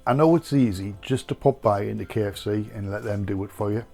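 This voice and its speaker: A man's voice: fairly low pitch, fairly quick, gravelly, dark tone, faint music behind. A man chatting casually in a food taste-test vlog, rambling and filling gaps with lots of ums and uhs. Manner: chatty and rambling, with many fillers. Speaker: food vlogger.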